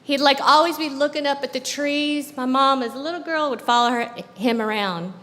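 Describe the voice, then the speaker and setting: Woman from the south, high voice, chatty stage talk w/ lots of "right?", live venue echo hanging in the room. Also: moderate pace, few pauses, pushed and bright. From American South. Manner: conversational, asks the audience with tag questions. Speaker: guest speaker. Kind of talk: personal storytelling talk on stage. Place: live show at a club venue.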